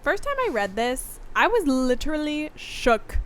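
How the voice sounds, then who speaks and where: Chatty higher-voiced woman podcaster. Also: sing-song, unhurried, fairly bright tone, slight background noise. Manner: chatty, says "literally" a lot, reads quotes. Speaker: podcast co-host. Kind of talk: casual chat about a book.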